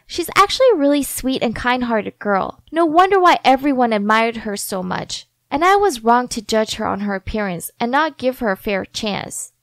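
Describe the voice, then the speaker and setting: A woman narrating a first-person drama story with dramatic, expressive delivery and sarcastic asides. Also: fairly high pitch, no room sound.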